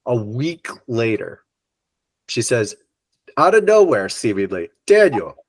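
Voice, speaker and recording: A middle-aged man, a yoga teacher, telling a personal story in an interview in an animated way and acting out what others said. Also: medium pitch, slow, no room sound.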